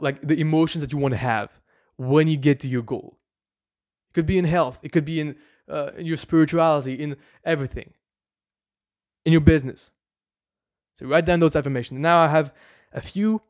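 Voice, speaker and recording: A man's voice: fairly high pitch, darkish tone. A man giving a motivational self-help lesson to camera, speaking earnestly and informally with frequent restarts and "right?" asides. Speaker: mindset coach.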